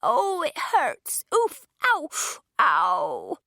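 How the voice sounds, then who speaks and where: A woman voicing a chatty, nosy elderly woman neighbour who talks slowly and fussily, rising to shrill cries when hurt. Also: huge pitch swings, vocal fry, fairly bright tone, dry recording, studio quality, exaggerated voice. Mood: pained. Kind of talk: audiobook character voice.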